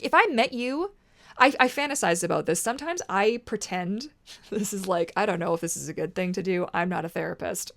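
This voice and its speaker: A woman in her thirties talking casually to camera as a vlogger, animated and emphatic, swearing freely and arguing back at herself. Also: medium pitch, a little fast, creaky. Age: 30s.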